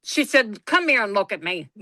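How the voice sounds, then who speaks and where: A woman's voice: mid-range voice, moderate pace, dry recording, studio quality. A woman telling a family story in a casual chat, acting out the voices of the people in it and swearing freely. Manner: animated, acts out quoted voices, swears freely. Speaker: guest storyteller.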